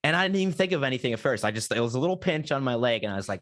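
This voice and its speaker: A man's voice: medium pitch, expressive, very fast, few pauses, a bit bright. A young man hosting a podcast, telling a story in casual chat and acting out his own panicked reactions. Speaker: podcast host.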